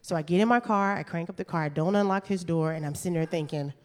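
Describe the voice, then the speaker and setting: A woman telling a funny true story on stage, chatty and animated, laughing through her lines. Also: fairly low pitch, fast. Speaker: storyteller and stand-up comedian. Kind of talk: live comedic storytelling. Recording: reverberant hall.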